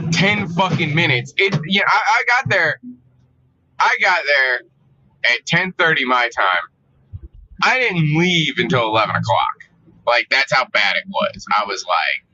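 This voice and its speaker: A man's voice: fairly high pitch, sing-song, unhurried, pushed and bright, slight background noise. A man vlogging in a casual, profane, exasperated rant straight to camera. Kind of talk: casual ranting monologue. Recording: dull lo-fi audio.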